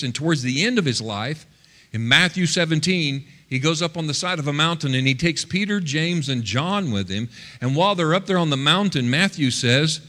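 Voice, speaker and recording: A male pastor preaching a sermon, swinging between loud, quick passages and hushed, slow ones. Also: fairly high pitch.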